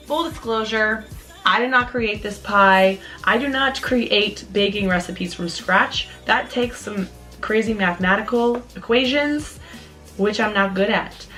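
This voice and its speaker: A woman's voice: medium pitch, a bit bright. A woman hosting a home cooking video, chatting casually to viewers with joking asides, in her kitchen. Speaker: cooking channel host. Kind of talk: casual recipe vlog.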